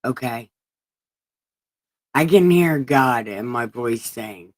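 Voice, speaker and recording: Her voice is extremely low, with lively intonation, and she takes her time. Hosting a casual Bible-reading livestream, she swears, laughs, and talks crudely with viewers.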